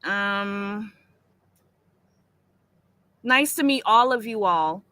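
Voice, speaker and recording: A woman's voice: mid-range voice, animated, drawn-out words, pushed and bright, clear, resonant tone, no echo. A woman from Boston with a Boston accent, talking casually on a livestream in a rambling, chatty way and swearing freely. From Boston, Massachusetts. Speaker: livestream guest.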